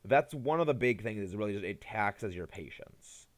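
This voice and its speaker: A young man talks to his stream in a loose, meandering way, trailing off and circling back to his point. He sounds tired and a little sleepy, yet his pitch bounces around a lot as he talks. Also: expressive, normal speed. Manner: rambling, hesitant, restarts often. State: tired, yawning. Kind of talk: casual live-stream chat.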